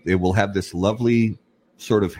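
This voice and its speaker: A man co-hosting a casual talk show, explaining at length in an emphatic, animated way with frequent restarts. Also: lowish voice, normal speed, husky. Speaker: podcast co-host. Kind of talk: casual chat.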